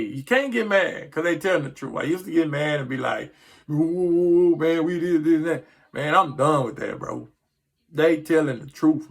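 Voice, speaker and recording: This middle-aged male sports vlogger has a voice on the high side, slightly bright, with vocal fry. He vents casually about his team, rambling in frustration and tripping over words.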